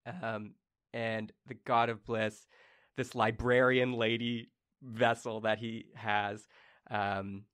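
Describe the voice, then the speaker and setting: A young man runs a tabletop game as its game master, narrating a scene in a loose, rambling way. His voice is bright and forward, and he fills his pauses with ums and uhs. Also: on the low side, level tone, clear, resonant tone. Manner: casual, rambling, many fillers.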